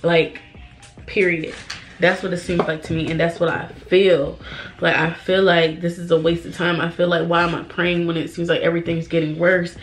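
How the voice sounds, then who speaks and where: A young woman vlogging while doing her makeup, holding back tears and talking in a halting, repetitive way. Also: lowish voice, little pitch movement, soft background music. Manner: halting, emotional, repeats herself, sighs. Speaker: beauty vlogger. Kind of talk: get-ready-with-me chat.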